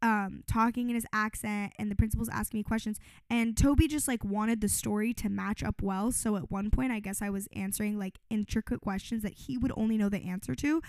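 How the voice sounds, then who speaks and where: A woman in her twenties co-hosting a podcast, telling a story in a casual, animated way, swearing freely and saying "like" a lot. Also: mid-range voice, fairly quick, hardly any pauses, no echo. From Los Angeles. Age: 20s. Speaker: podcast co-host.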